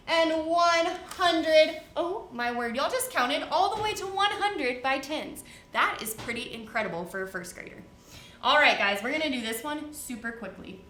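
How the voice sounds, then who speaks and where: A woman teaches first graders, her high voice swooping in a sing-song, encouraging way. She speaks slowly with a bright, clear tone. The roomy studio adds echo and a faint hum of ambience. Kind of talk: televised classroom lesson. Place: studio set.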